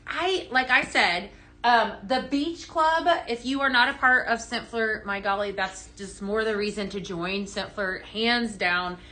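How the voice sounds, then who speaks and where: A woman's voice: mid-range voice, unhurried, bright, forceful tone. A woman hosting a live sales demo who chats with viewers and reads out their comments. She talks with lots of enthusiasm and plenty of "um"s. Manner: enthusiastic with fillers and restarts. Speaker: host of a live home-fragrance sales show. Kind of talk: casual live-stream product demo.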